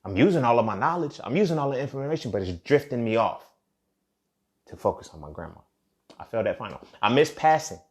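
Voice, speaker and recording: A man's voice: mid-range voice, very animated, quick pace. Young man telling a raw personal story. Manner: casual, profane, emotional, swings from loud to hushed. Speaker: podcast host.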